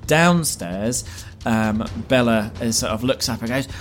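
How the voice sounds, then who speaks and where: A man running a tabletop game as game master, narrating in a quick, lively way full of fillers. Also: medium pitch, a little hiss or hum.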